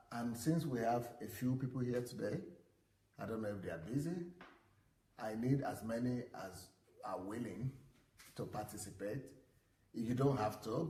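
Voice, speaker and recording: A man's voice: mid-range voice, creaky, a little mellow. A man, a pastor and author, presenting his book to a live audience and repeating phrases for emphasis. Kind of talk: sermon-style book presentation. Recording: echoey room, faint noise.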